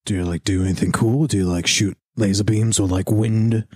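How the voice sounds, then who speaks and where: A fairly low, husky male voice, talking through a tabletop role-play in a loose, halting way, full of "like"s. Dry, close sound. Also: steady tone, a little mellow, dry recording. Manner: hesitant, lots of "like". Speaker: player. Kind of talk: casual in-character role-play.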